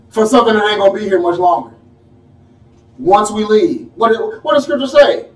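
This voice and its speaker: A man preaching a sermon in a folksy, animated way, firing off rhetorical questions at his congregation. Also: very high voice. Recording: echoey room, mic at a distance.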